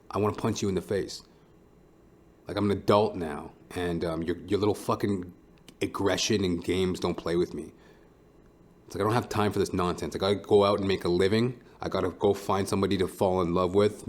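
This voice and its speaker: A man's voice: sits low, a little mellow. A man who is a stand-up comedian, hosting his own podcast in a blunt, profane, rambling monologue.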